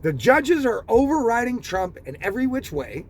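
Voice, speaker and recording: A man with a very high, gravelly voice rants about politics in a heated, profane way. He circles back to the same points again and again. He sounds like a vlogger talking straight to his viewers. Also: big pitch swings, moderate pace. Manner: heated, profane, repeats himself. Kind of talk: ranting political commentary.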